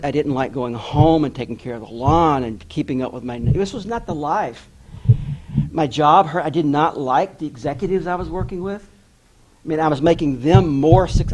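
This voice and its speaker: A middle-aged author gives a candid, self-deprecating personal storytelling address, acting out the voices of people he quotes. His voice is a little high and a little mellow, and the recording is rough.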